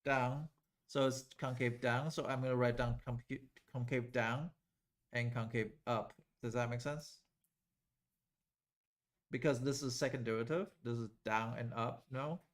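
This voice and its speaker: A man's voice: mid-range voice, fairly even intonation, measured pace. A man teaching calculus to a live class in a loose, conversational way, often checking whether students follow.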